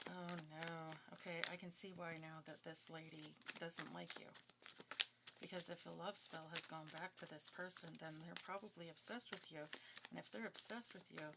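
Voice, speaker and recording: A woman's voice: lowish voice, vocal fry, very noisy. A woman giving a casual tarot reading, chatty and blunt, breaking into giggles and swearing now and then. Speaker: tarot reader.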